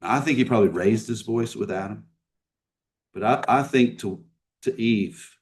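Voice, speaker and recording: A man preaching a sermon in a conversational style, asking his listeners questions and swinging between emphatic and hushed delivery. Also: lowish voice, moderate pace, distant mic. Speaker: pastor. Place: church sanctuary.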